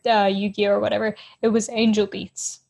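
A woman's voice: mid-range voice, little pitch movement, normal speed, gravelly, a little mellow. A woman co-hosting a podcast in a casual chat, giggly and rambling, often poking fun at herself. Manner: giggly, rambling, self-mocking. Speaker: podcast co-host.

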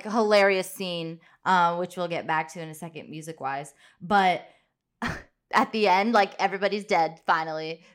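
A woman's voice: fairly low pitch, smooth. A young woman co-hosting a podcast, chatting casually about a film with lots of fillers. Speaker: podcast co-host.

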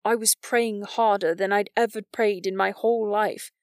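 A woman's voice: mid-range voice, fairly even intonation, normal speed, no room sound, clean studio sound, close to an everyday voice. A woman voicing an earnest, shy teenage boy who speaks sincerely and hesitantly.

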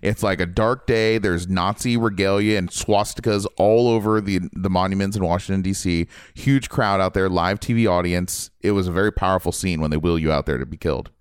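A man's voice: sits low, fairly even intonation, brisk, few pauses, clear, resonant tone, dry recording, studio quality. A man in a casual game discussion, recounting scenes animatedly and swearing casually.

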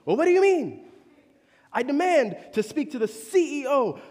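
A man's voice: on the high side, sing-song, moderate pace, husky, long reverb tail, heavily acted. A man voicing an irate, entitled male theme park guest who demands to speak to the boss. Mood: demanding. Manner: demanding, shouting.

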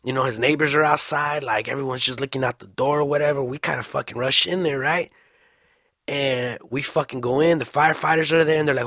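A young man telling a story casually, full of slang and swearing, animated and fast. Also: medium pitch, no room sound, studio quality.

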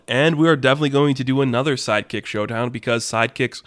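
A man's voice: mid-range voice, a little fast. Rambling man spinning a tale. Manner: animated, rambling with restarts. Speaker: podcast host. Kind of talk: casual improvised storytelling.

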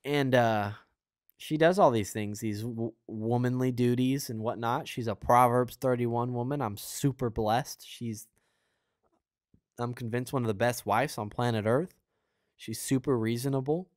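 A young man with a smooth, clear voice, recorded dry and close. He talks through faith in a loose, earnest, conversational way, with frequent fillers and asides. He has the hiccups. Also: medium pitch, a little slow, no room sound. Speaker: podcast host and preacher. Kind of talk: casual spontaneous Christian teaching.

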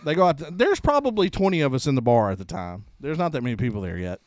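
A man's voice: medium pitch, very animated, fast, dry recording. A man, hosting a podcast and telling profane, laughing stories in casual chat. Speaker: podcast host.

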